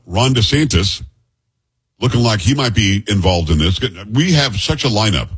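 A man's voice: mid-range voice, husky, low-quality recording. A male talk radio host in a chatty, opinionated monologue, putting direct questions to his listeners.

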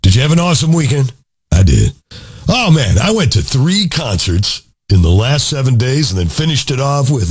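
Husky deep-voiced hammy male radio host. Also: a little mellow, no room sound, clean studio sound. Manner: hammy, theatrical delivery. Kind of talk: lively radio show opening.

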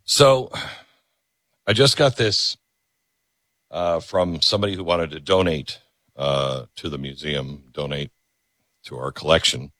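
A man's voice: a bass voice, a little slow, long pauses, dry recording. A man hosting a talk radio show, delivering an opinionated monologue with sarcasm and mocking asides. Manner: sarcastic, mocking, rising into mock-shouting.

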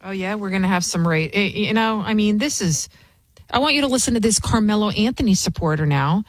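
A woman's voice: medium pitch, a little fast, no room sound. Indignant ranting woman host. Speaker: commentary show host. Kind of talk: opinionated commentary.

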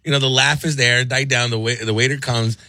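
A man co-hosting a comedic radio show, telling a story in an animated way and jumping into a high voice when upset. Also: fairly quick, no echo.

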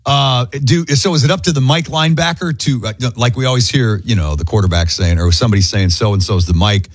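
A man's voice: medium pitch, a little fast, no echo. A man co-hosting a sports talk show, agreeable and asking questions.

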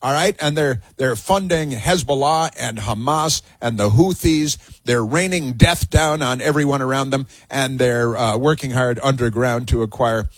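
A man's voice: medium pitch, moderate pace, few pauses, breathy edge, no room sound. A man hosting a talk radio show, delivering a sarcastic, mocking monologue that rambles with many fillers and restarts.

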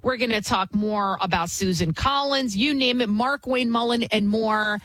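A woman's voice: fairly high pitch, normal speed, a bit bright, dry recording, poor audio. A woman hosting a talk radio show as a fill-in, giving a blunt, indignant opinion monologue and repeating lines for emphasis.

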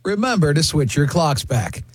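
A man hosting a radio show, bantering in a joking, animated way. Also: a little high, moderate pace, husky, no room sound.

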